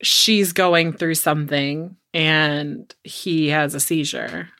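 Woman co-host, bright voice, dry close mic, blunt and animated. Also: deep voice, slow pace, no echo. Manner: blunt, animated, swears freely. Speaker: podcast co-host. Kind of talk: casual true-crime chat.

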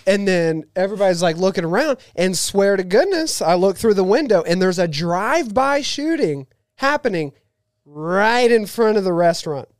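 A man guest on a podcast, telling a story in a lively, fast-paced way. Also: high-pitched, clear, resonant tone, no echo, studio quality. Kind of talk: casual storytelling.

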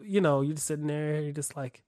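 A man in a casual podcast chat, talking in an animated, profane way and laughing easily. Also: on the high side, a little fast, slight background noise.

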